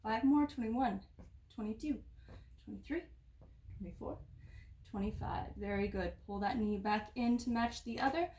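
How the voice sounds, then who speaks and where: A woman with a somewhat high voice leads an at-home workout, counting reps aloud and explaining each move as she does it herself. She sounds slightly out of breath from exercising along. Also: normal speed, mellow. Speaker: fitness instructor. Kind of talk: follow-along workout instruction.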